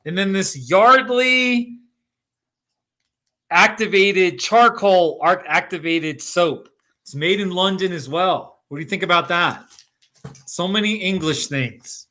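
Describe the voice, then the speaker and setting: Chatty middle-aged man with a bright voice. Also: sits high, expressive, slow. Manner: chatty, laughs often, talks to viewers by name. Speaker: livestream host. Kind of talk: casual live chat reading comments. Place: Colorado.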